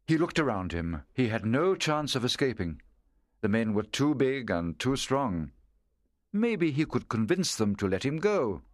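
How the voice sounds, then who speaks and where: A man narrating a story in a measured, clear reading voice. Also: mid-range voice, sing-song, no echo, studio quality.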